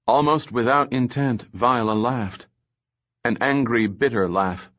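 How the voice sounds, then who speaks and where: A man reading an audiobook in measured, steady scripted narration. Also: medium pitch, muffled recording.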